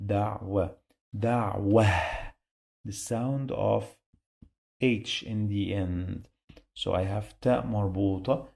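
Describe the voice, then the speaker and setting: Slow gravelly man teaching letters. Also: fairly low pitch, warm tone. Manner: slow, repeats sounds syllable by syllable. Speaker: Arabic teacher. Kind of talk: slow spelling lesson.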